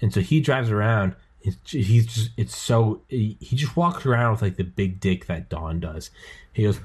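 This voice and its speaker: A man's voice: on the low side, expressive, moderate pace, husky. A man hosting a podcast in casual chat, rambling through stories, swearing and acting out quotes in a raised voice. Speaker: podcast host.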